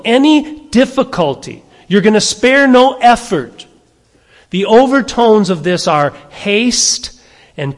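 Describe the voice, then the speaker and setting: High-voiced emphatic male preacher in a hall. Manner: emphatic, varies loudness, drops to quiet asides. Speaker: pastor. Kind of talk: sermon.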